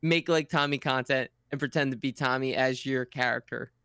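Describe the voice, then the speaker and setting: A man chatting casually as a podcast guest, teasing and excitable, swearing freely. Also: mid-range voice, moderate pace, clear, resonant tone, dry recording, studio quality. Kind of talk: casual chat.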